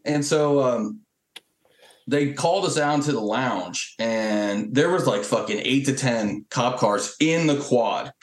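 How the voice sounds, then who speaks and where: A man's voice: medium pitch, slow. A man telling stories casually as a veteran guest, swearing often and acting out quotes. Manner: profane and animated, acting out quotes. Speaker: Marine Corps veteran guest. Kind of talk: casual storytelling. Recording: echoey room.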